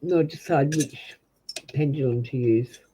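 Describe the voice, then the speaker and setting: A woman's voice: low-pitched, measured pace, dark tone, a little hiss or hum, rough recording. A young Australian woman reading tarot live for viewers, giving blunt, direct advice. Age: young adult. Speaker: tarot reader.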